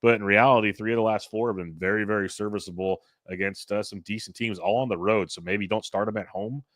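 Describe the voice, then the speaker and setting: Deep-ish guy hosting a podcast, laid back and rambly, dry close sound. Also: fast, no echo. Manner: relaxed, rambling stat rundown. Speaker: podcast host. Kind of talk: casual fantasy baseball chat.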